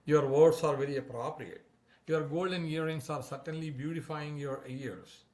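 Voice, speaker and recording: A man voicing a charming young male divine lover who flatters and pleads in a raised, louder voice. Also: a little high, normal speed, lightly acted. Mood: coaxing.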